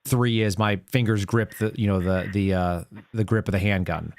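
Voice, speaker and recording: A man's voice: fairly low pitch, steady tone, moderate pace, darkish tone, no room sound, clean studio sound. A man hosting a call-in show, giving earnest advice in casual chat and walking through examples step by step.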